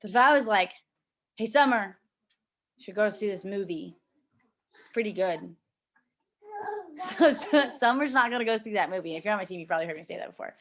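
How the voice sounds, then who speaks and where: A woman's voice: mid-range voice, brisk, pauses often. A young woman talking casually from home as she coaches her sales team, filling her speech with "like" and acting out quoted lines. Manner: chatty, lots of "like", animated quoted voices. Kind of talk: casual motivational talk. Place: at home with a child nearby.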